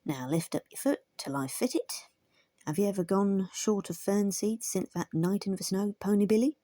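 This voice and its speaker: A woman voicing a cheerful, chatty male terrier blacksmith in a storybook reading, brisk and merry. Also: medium pitch, warm tone, no room sound, studio quality, voice pushed up, lightly acted.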